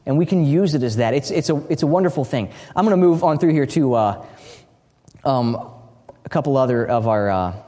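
A man from the United States giving a teaching talk in a large hall, a lively storyteller who often restarts and repeats his words. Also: mid-range voice, brisk. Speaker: speaker at a training session. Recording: long reverb of a big hall.

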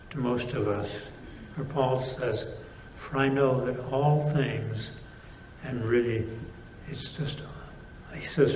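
Slow, deliberate male preacher. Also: mid-range voice, a little mellow, echoey room, slight background noise, rough recording. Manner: slow, deliberate, emphatic delivery with pauses. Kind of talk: sermon.

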